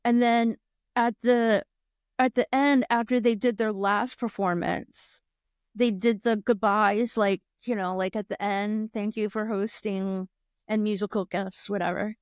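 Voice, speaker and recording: A woman co-hosting a podcast chats casually, with lots of fillers and laughter. Her medium-pitched voice is clear and resonant, with fairly even intonation and a measured pace. The studio sound is clean, with no room sound.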